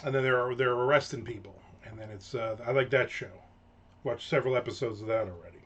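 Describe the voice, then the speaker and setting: Fast and fairly bright, this medium-pitched middle-aged man rambles sarcastically through his own rant segment, with plenty of fillers and restarts in his casual talk. The audio is dull and lo-fi.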